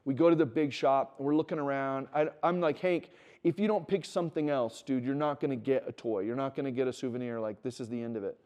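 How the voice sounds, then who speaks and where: A man's voice: medium pitch, fast talker, few pauses. A middle-aged man giving a conversational sermon to students, telling stories and acting out quoted dialogue. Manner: conversational, acts out quoted dialogue, builds to animated emphasis. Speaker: speaker at a Christian wilderness school. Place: teaching room with students.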